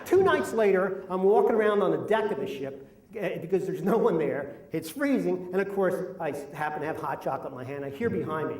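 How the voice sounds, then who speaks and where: Middle-aged guy with a fairly high voice grumbling through a funny story on stage, echoey room. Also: animated, normal speed, a little mellow. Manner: self-deprecating, complaining. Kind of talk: live comic storytelling. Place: live event venue. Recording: roomy hall, mic at a distance.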